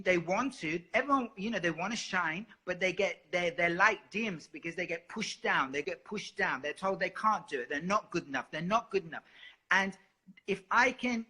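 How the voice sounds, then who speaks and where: Expressive bright-voiced man. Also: sits high. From London. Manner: expressive, repeats words, lots of "you know". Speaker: singer and interview guest. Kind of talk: live interview, candid.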